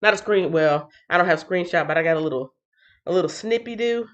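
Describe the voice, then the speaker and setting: A woman hosting a casual livestream, who sounds tired after a night shift. She reads out chat comments in an animated, playful way and breaks into sing-song bits. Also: on the low side, a little fast, lo-fi sound. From Texas. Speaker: livestream host.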